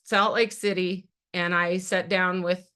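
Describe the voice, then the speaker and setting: A woman's voice: lowish voice, level tone, measured pace, sharp tone, clean tone. A middle-aged woman giving a personal testimony on a team video call. She speaks earnestly and plainly, and calls her listeners "you guys.". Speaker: direct sales team leader sharing her story.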